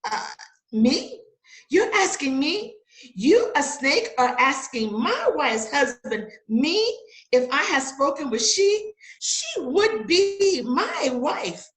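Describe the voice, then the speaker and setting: A woman's voice: high-pitched, big pitch swings, takes it slowly, a bit bright, full character voice. A woman playing a blustering outraged gardener man. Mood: scornful. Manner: blustering, theatrical, rhyming outbursts. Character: indignant, blustering man tending his garden. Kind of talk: audio theater acting. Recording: roomy echo.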